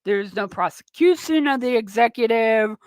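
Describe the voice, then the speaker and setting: Woman radio host, sarcastic ranting monologue, fairly high voice, dry studio sound. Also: expressive, normal speed, dry recording. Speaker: radio talk show host. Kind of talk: political talk radio monologue.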